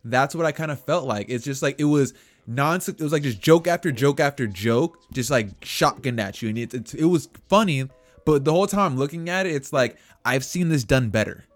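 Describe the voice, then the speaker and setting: A man's voice: medium pitch, animated, fairly quick, faint music behind. A man co-hosting a casual podcast chat, rambling with lots of fillers and restarts. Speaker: podcast co-host.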